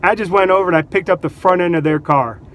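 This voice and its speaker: A man vlogging, telling casual stories in an animated way, laughing between anecdotes and acting out what people said. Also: high-pitched, fast talker. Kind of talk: casual storytelling.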